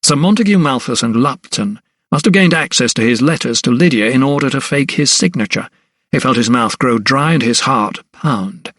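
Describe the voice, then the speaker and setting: A man reading a historical mystery audiobook in a measured, even storytelling voice. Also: mid-range voice, dry recording, studio quality. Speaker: audiobook narrator. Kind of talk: scripted narration.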